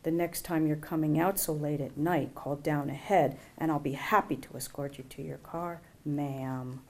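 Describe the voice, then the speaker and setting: Woman voicing a soft-spoken young security guard. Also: sits low, steady tone, normal speed. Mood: courteous.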